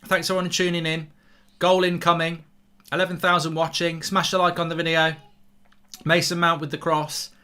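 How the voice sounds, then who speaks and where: A young man hosting a live football watchalong, reacting loudly to the match and reading out viewer chat. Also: a little high, normal speed, clean tone. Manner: excitable, shouts at the match, reads chat aloud.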